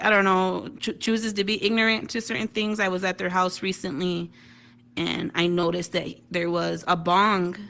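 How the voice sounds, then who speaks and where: Woman stand-up comic from Detroit, bright tone, chatty with constant "right?" tags, on a VR headset mic. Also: lowish voice, gravelly. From Detroit, United States. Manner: chatty, tags lines with "right?", laughs at own jokes. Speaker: stand-up comedian. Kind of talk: stand-up comedy routine. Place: virtual reality social venue.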